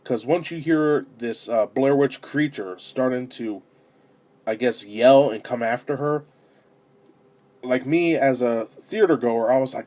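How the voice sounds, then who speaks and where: A man giving a casual spoken film review, animated as he retells the story, with fillers and restarts. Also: medium pitch, unhurried. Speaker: amateur movie reviewer.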